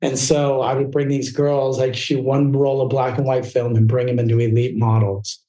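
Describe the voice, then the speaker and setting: Candid storytelling man, mellow voice. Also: medium pitch, flat delivery, normal speed, reverberant, poor audio. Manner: candid, rambling, filler-heavy storytelling. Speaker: podcast guest, photographer. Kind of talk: casual storytelling interview.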